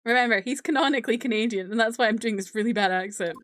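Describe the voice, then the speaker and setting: A woman streamer giving casual commentary in quick, chatty asides while reading a game. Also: on the high side, fairly bright tone, no echo.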